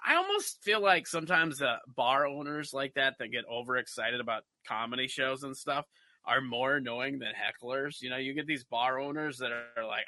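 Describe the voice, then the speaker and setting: A man's voice: mid-range voice, normal speed, dry recording. A man hosting a comedy podcast, telling stories in casual chat and now and then putting on a mock Minnesota accent. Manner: animated storyteller, slips into mock Minnesota accent. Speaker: podcast host.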